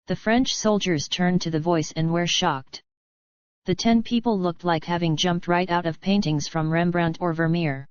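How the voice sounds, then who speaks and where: A woman reading a fan story aloud in a steady, even narration, close to the mic. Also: on the low side, moderate pace, clear, resonant tone, dry recording, highs cut off.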